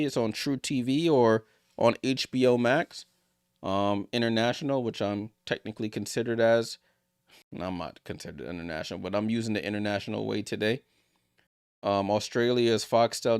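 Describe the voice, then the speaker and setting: A man streaming a live basketball watchalong, calling the play-by-play and chatting to his viewers, getting louder and higher on big plays. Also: clean tone, no echo, clean studio sound.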